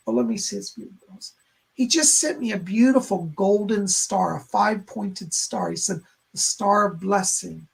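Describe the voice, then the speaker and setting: Gravelly husky-voiced male psychic host. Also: sits high, a bit bright. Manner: relays spirit messages and thanks donors by name, conversational. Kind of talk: live-stream psychic readings.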